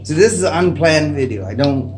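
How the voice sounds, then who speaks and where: Middle-aged Canadian man, slightly higher voice, loose rambling vlog chat. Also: lively intonation, fairly quick, music in the background. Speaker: vlogger. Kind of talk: casual unscripted chat to camera. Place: indoors at home. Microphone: phone propped up facing him.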